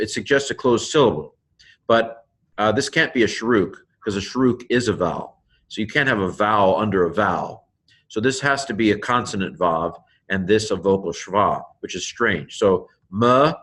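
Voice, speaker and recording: Slow, low-voiced man sounding out words. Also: fairly bright tone, slightly rough. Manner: thinks aloud, sounds out words syllable by syllable; many fillers and self-corrections. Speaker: Hebrew teacher. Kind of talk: informal pronunciation walkthrough.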